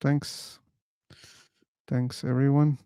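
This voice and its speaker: A man hosting a livestream on a computer mic, thanking his chat one by one in a halting way. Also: mid-range voice, flat delivery, mellow, clean tone, no room sound, clean studio sound. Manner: slow, halting, reads out chat names. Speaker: livestream host.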